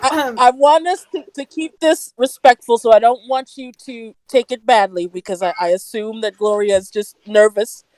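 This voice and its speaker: A woman moderating a podcast debate, stammering and laughing as she tries to calm things. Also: fairly high pitch, moderate pace, hardly any pauses, no echo, poor audio.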